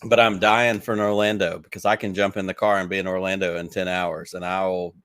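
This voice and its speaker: A man with a Southern US accent speaks in a low voice, recorded close and dry with no room sound. He rambles eagerly through his stories, leaning on "like" as he goes. It sounds like a relaxed podcast interview. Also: brisk, clear, resonant tone, no room sound. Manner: enthusiastic rambling storyteller, many "like"s. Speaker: podcast guest. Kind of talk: casual interview chat.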